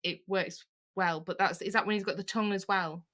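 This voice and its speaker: A woman's voice: medium pitch, fairly even intonation, a little fast, fairly bright tone. A woman, a podcast guest chatting casually about a film. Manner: laughs easily, conversational. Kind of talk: casual film review chat.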